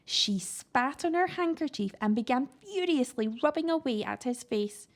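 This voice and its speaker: A woman reading a children's book aloud with animated, expressive storytelling. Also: a little high. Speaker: reader.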